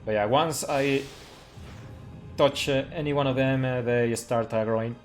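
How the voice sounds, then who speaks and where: A man in the middle of his own pitch range talks through a speedrun as he plays. He rambles casually with plenty of fillers and small laughs. Faint game music sits low under his voice. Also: fairly even intonation, measured pace. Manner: chatty, laughs often, many fillers. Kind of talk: casual live game commentary.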